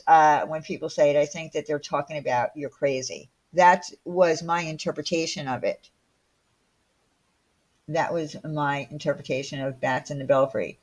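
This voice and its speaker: Woman, livestream host, casual chat with viewers, blunt, fillers and swearing, slow unhurried delivery. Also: lowish voice.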